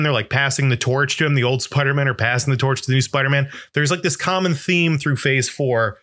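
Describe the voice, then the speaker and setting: A podcast co-host with a medium-pitched, sharp-toned voice rambles through a casual film discussion, leaning heavily on "like" as a filler. He gets emotionally worked up and swears when he does.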